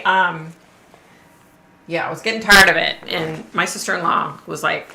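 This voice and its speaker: A woman's voice: fairly low pitch, steady tone, normal speed, gravelly, sharp tone. A middle-aged woman hosting a live stream, telling a story in a casual, chatty way, swearing freely and laughing often. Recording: roomy echo.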